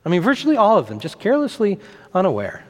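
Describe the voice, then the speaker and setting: Male pastor, somewhat high voice, animated and emphatic delivery, long church echo. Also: quick pace. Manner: emphatic, repeats phrases for effect. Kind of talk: sermon.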